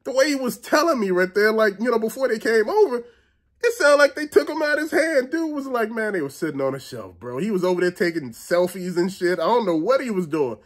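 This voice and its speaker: Host casting: middle-aged man, lively comic ranter, swings his pitch a lot, salty language, laughs through his story. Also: fairly quick. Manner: animated, profane, acts out quotes, laughs often. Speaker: show host. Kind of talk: comedic storytelling rant.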